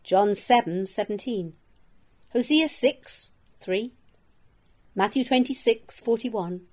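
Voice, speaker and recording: Slow, solemn woman reading scripture. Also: a little high, darkish tone. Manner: measured, solemn reading of verses and references. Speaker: scripture reader. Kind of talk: slow devotional Bible reading.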